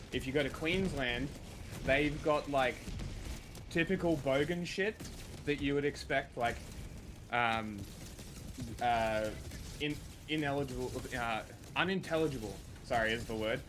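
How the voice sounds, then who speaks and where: A man's voice: medium pitch, noisy background. An Australian man chatting casually on a livestream, laughing often, swearing and rambling. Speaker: livestream host.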